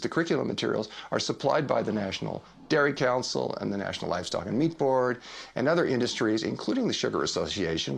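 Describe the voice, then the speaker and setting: A man's voice: mid-range voice, vocal fry, husky. A man speaking emphatically in a documentary interview.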